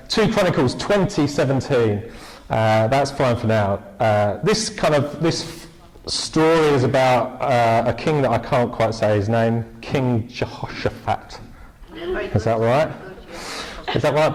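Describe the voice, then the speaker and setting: A man's voice: mid-range voice, expressive, a little slow, darkish tone, low-quality recording. A man preaching an informal, jokey church sermon, chatting with the congregation and asking them questions.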